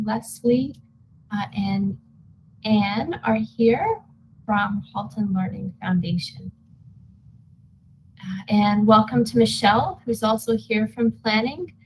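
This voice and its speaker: A woman chairing an online board meeting over a video call, friendly and pausing often with fillers. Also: on the high side, a little hiss or hum, low-quality recording. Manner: friendly, with frequent filler pauses.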